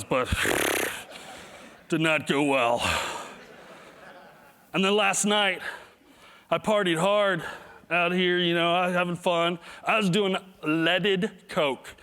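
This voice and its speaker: A man's voice: sits high, slow, long pauses, bright, forceful tone, smooth. A middle-aged man giving a humorous keynote talk, self-deprecating, acting out his own reactions as he tells stories. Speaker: motivational speaker. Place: large hall before an audience. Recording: long hall reverb.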